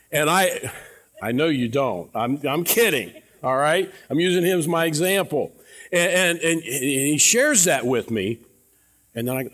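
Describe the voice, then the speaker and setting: A male pastor delivers a sermon to his congregation in a fairly high voice. He talks conversationally, repeats words as he goes, and sinks into hushed, low tones to drive his points home. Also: expressive, a little slow. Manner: earnest preaching, drops to quiet low tones for emphasis. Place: church with a congregation.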